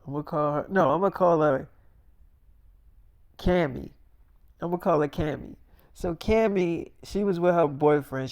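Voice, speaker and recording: A man's voice: fairly high pitch, dry recording. Rambling man telling a freestyle story. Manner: rambling, full of "like" and "you know". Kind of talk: improvised role-play storytelling.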